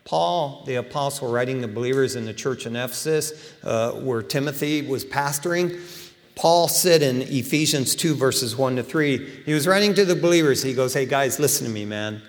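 A middle-aged man preaching a sermon in a casual, animated storytelling way, acting out quotes. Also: mid-range voice, normal speed, big-room sound. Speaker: pastor.

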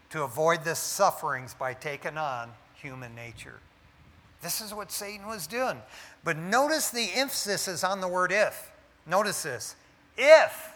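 A man delivers a sermon in a high, bright voice, emphatic yet conversational, with a habit of tacking "man" onto his points. The sound carries a long hall reverb around him. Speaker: preacher.

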